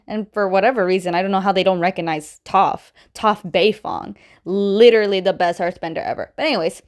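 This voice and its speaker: A woman's voice: medium pitch, fairly quick, hardly any pauses. A young woman casually recapping a cartoon episode, chatty, full of "like", acting out the characters' quotes. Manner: chatty, lots of "like", acts out quotes.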